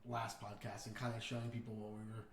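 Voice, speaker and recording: Gravelly, laid-back man in casual chat. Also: fairly low pitch, monotone, fast. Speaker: podcast co-host. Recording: echoey room with crowd noise.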